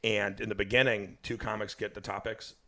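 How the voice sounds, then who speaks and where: A man with a fairly low voice tells stories from his comedy life on a podcast. He swears freely and laughs often, loose and high. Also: a little fast. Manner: profane, laughing, animated storyteller. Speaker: comedian guest. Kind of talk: casual podcast storytelling.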